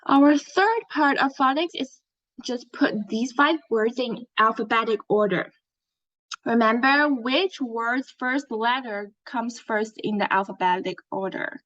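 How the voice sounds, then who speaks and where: A woman teaching an English lesson, speaking slowly, clearly and encouragingly, as if to young learners. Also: fairly high pitch, a bit bright. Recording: dull lo-fi sound.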